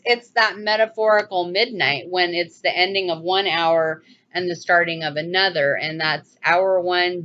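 A woman with a lowish voice teaches scripture in a loose, animated way, doubling back on her words and breaking into sudden exclamations. The sound is dull and lo-fi, like a home recording. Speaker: bible teacher. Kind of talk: casual bible teaching video.

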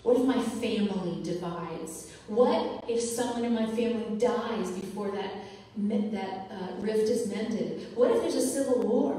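A woman's voice: medium pitch, a little slow, mellow. A woman minister giving an earnest, confessional sermon and repeating phrases for emphasis. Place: church sanctuary. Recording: echoey hall, heard from far off.

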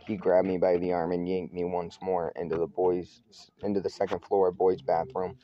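A man's voice: deep voice, level tone, moderate pace, highs cut off. A man reading a children's novel aloud in first person, often stumbling over words and correcting himself. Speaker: reader.

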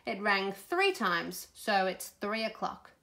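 A calm, regal elderly queen speaks in a stately, measured way, voiced by a woman reading a storybook. Her pitch moves in a lively way, and her tone is bright. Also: gravelly, full character voice.

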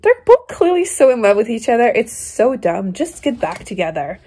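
In this relaxed home vlog, a young woman speaks at a moderate pace in a slightly high, sing-song voice that sounds warm but a bit rough. She gives a book a blunt rant, then coos at her kittens in baby talk.

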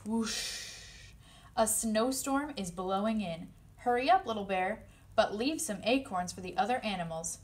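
Female storybook reader for a kids' read-aloud, mid-range voice, playful with the animal noises. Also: normal speed. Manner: playful, voicing animal sounds with high squeaks and yips.

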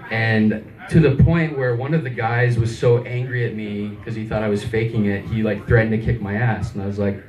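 A man's voice: on the low side, steady tone, brisk, darkish tone. A man doing a rambling, self-deprecating open mic stand-up set in a small comedy club, chuckling as he goes. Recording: echoey club, mic far off.

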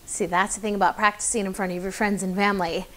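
A woman's voice: medium pitch, little pitch movement, fast, fairly bright tone. A young woman coaching public speaking in a chatty, encouraging way, with lots of fillers. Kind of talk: casual advice video to camera.

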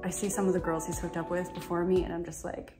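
A woman's voice: lowish voice, little pitch movement, quick pace, music in the background. A young woman talking casually to camera about her partner, chatty and heartfelt, laughing through tears. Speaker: girlfriend telling their story. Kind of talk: casual direct-to-camera talk.

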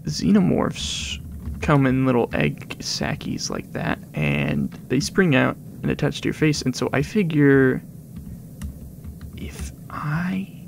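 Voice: medium pitch, vocal fry, noisy background. A gaming video creator giving rambling, casual commentary over gameplay, with muttered asides that drop to whispers.

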